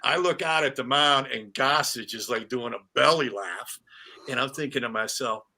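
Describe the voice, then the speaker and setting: A middle-aged man with a sharp, bright tone spins animated anecdotes as a guest on an interview show. He talks casually, stumbling over restarts and fillers as he goes. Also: mid-range voice, normal speed, vocal fry. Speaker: retired sportscaster, guest.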